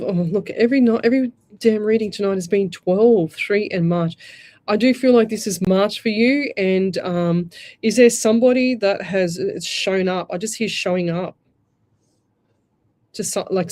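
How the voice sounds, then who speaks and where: An Australian woman hosting a live radio show, giving psychic readings in a chatty, rambling way. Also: on the low side. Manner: chatty, rambling, warm asides like "lovey". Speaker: psychic medium radio host.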